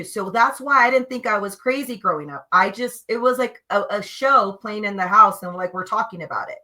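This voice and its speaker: A woman telling personal spiritual stories in a casual, animated, emphatic way, acting out what others said. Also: medium pitch. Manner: animated, emphatic, acts out quotes. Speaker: podcast guest.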